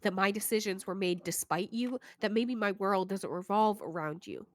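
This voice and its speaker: A woman reading out the lines of a terse, withholding young man in short flat answers. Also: medium pitch, normal speed, slight background noise, natural voice.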